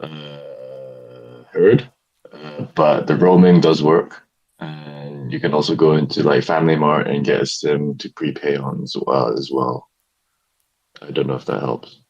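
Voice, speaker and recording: A man's voice: extremely low pitch, little pitch movement, a little slow, a little mellow. An easygoing man answering a question in a casual live audio chat. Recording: dull lo-fi audio.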